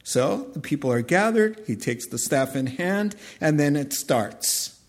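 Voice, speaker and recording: A man's voice: fairly high pitch, animated, a little slow. A man preaching a sermon as pastor, retelling scripture vividly and acting out the scenes.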